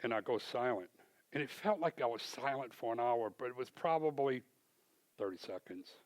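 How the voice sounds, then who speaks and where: A man giving a church testimony, an animated storyteller who acts out both sides of the conversations. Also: mid-range voice, moderate pace. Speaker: small business owner giving testimony. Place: church sanctuary.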